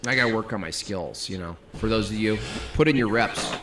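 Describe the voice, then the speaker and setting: A man joining a livestream as a guest, chatting with offhand, deadpan quips. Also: fairly low pitch, brisk. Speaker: guest streamer. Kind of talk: casual livestream chat. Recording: noisy remote stream audio.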